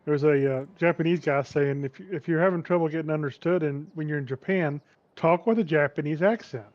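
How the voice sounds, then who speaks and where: A man casually chatting with friends during a game, relaxed and telling little stories. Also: fairly high pitch, fairly quick, no room sound. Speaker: co-player. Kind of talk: casual gaming chat. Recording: dull lo-fi mic.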